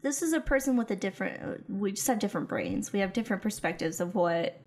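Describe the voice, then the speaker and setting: A woman's voice: mid-range voice, animated, fast. A woman co-hosting a casual movie review chat, reading viewer reviews aloud and laughing often. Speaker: podcast co-host.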